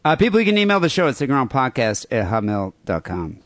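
A man's voice: mid-range voice, very animated, fast, fairly bright tone, dry recording. A man co-hosting a crude podcast, reading listener emails and rambling sarcastically. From United States. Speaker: podcast co-host.

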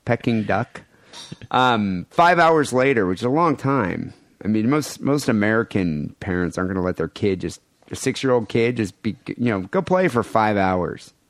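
A man's voice: on the low side, lively intonation, moderate pace, no echo. A man co-hosting a casual, crude podcast, telling a news story with joking asides. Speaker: podcast co-host.

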